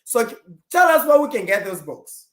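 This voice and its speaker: A woman's voice: fairly high pitch, big pitch swings, normal speed. A woman hosting a casual online interview, enthusiastic and talking straight to her viewers. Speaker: talk show host. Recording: echoey room.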